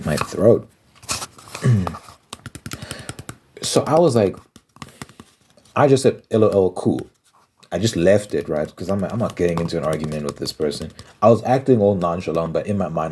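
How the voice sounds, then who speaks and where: A man hosting an ASMR channel, telling a story in an exasperated, animated rambling way with lots of restarts. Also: deep voice, normal speed, a little hiss or hum.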